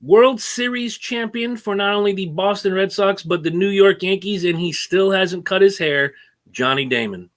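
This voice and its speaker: A man co-hosting a casual racing podcast, opinionated and animated as he rants about rule changes. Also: high voice, normal speed. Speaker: co-host. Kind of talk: casual sports talk.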